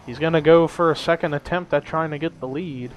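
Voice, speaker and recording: A young man giving amateur play-by-play commentary on a simulated race, steady and given to hedging. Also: on the high side, brisk, a little hiss or hum, poor audio. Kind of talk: amateur sim-racing commentary.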